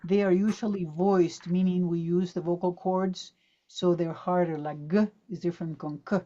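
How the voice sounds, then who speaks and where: A woman's voice: lowish voice, steady tone, normal speed, mellow, dull audio. A woman teaching pronunciation in an online talk for teachers. She demonstrates words aloud and keeps quizzing her audience. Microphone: video call.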